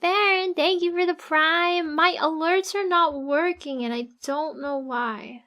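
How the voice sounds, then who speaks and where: A woman streamer chatting casually with her viewers, giggling often and thinking out loud as she works. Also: extremely high pitch, a little slow. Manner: chatty, giggly, thinks aloud while drawing. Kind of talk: casual livestream chat with viewers.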